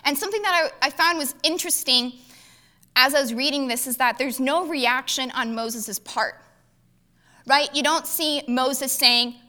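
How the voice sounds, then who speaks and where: Bright, fast-talking woman preacher. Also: high voice. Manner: lively, conversational, humorous. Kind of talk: Bible teaching.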